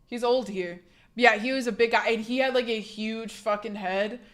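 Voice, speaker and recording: A woman's voice: fairly high pitch, moderate pace. Chatty young woman streamer, casual. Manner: chatty, swearing, trailing restarts. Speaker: livestreamer. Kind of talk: casual chat to stream viewers.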